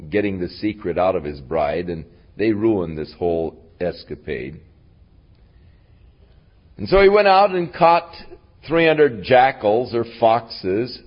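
A man's voice: fairly low pitch, lo-fi sound. A man teaching a Bible lesson as a folksy, conversational retelling. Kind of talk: casual Bible lesson storytelling.

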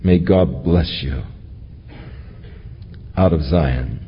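A man's voice: rumbling low, very slow, in a large hall, lo-fi sound, faint music behind. A man preaching an expository sermon, reading scripture aloud and then explaining it verse by verse. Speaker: pastor.

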